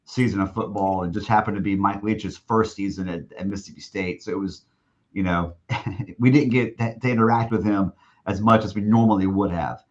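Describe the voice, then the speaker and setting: A man's voice: on the low side, fairly even intonation, brisk. Rambling storyteller man, muffled lo-fi sound. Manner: rambling with many restarts, acting out quoted speech. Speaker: guest, stadium announcer. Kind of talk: storytelling in a podcast interview.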